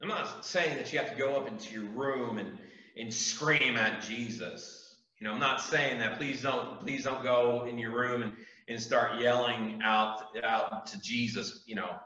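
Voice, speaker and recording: Youth pastor, male, bright forceful voice, earnest preaching; echoey room, distant mic. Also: medium pitch, unhurried, highs cut off. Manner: earnest, emphatic preaching with repetition. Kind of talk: youth group sermon.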